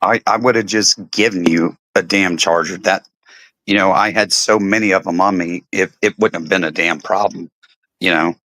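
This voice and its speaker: A man's voice: sits low, steady tone, moderate pace, pushed and bright, a little hiss or hum, low-quality recording. A middle-aged man, a veteran, chatting casually on a stream and telling stories, laid-back and swearing, full of "you know" and "right". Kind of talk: casual chat.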